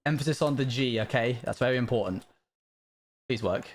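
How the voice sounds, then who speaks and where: A man's voice: brisk, a little hiss or hum. Chatty man streaming a building game. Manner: chatty, talks to his chat while building, bursts of panicked pitch jumps. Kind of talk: casual live-stream gaming commentary.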